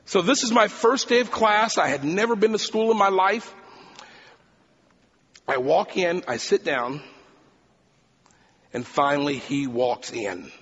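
A male preacher telling a personal story in a sermon, talking fast and animated. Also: high-pitched, slightly rough, in a large hall, lo-fi sound.

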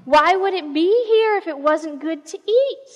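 A woman pastor voicing a sly male serpent tempter who coaxes slowly and persuasively. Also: extremely high pitch, expressive, a little mellow, dull audio. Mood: coaxing. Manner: coaxing, slow and persuasive. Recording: reverberant hall.

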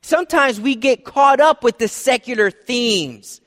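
A man preaching a sermon as pastor, conversational, dropping soft and low for emphasis. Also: measured pace. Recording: long hall reverb.

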